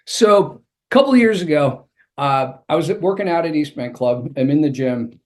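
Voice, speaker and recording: A man's voice: on the high side, animated, normal speed, a little mellow. A man, an author and executive coach, telling a vivid personal story as a guest in an interview.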